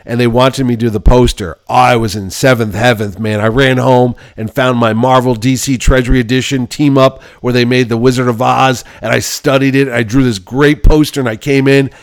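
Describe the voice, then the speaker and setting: A man in his fifties hosting a show, telling casual stories and acting out the people in them, combative and quick with a comeback. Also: medium pitch, fairly even intonation, no echo, clean studio sound. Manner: self-described belligerent, quick with comebacks. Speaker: podcast host. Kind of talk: casual storytelling.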